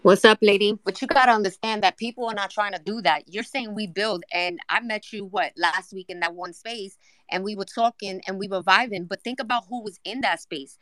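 A woman's voice: mid-range voice, fairly quick, no room sound. Outspoken woman with a New York accent, direct and no-nonsense, recorded dry. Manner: blunt and forceful. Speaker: guest speaker. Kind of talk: outspoken casual talk.

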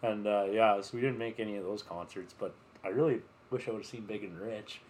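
Rambling podcast co-host, loose chat. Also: male voice, fairly low pitch, fairly even intonation, brisk, darkish tone, a little hiss or hum. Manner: rambling, filler-heavy storytelling with swearing. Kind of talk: casual chat.

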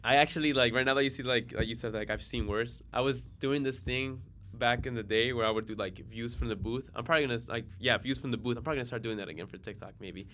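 A man in his twenties, a guest on a casual podcast, telling laid-back, slangy stories that get animated. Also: medium pitch, fast talker, few pauses, a little hiss or hum. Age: 20s. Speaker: guest, DJ and software engineer.

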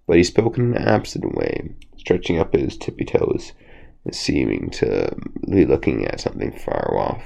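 A man reading bedtime fables aloud, slowly, with frequent slips and restarts. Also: a bass voice, wildly swooping pitch, gravelly, darkish tone. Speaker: storyteller.

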